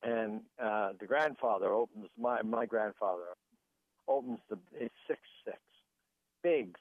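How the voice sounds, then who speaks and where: A man's voice: fairly low pitch, animated, a little slow, dry recording. Male guest author on a phone line, rambling anecdotal storyteller, very dry sound. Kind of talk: storytelling interview.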